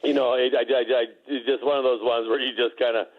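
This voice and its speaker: A man's voice: mid-range voice, fairly even intonation, fast. A man telling an interview anecdote, stumbling and restarting his sentences often. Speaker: former player recalling a teammate. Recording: dull lo-fi audio.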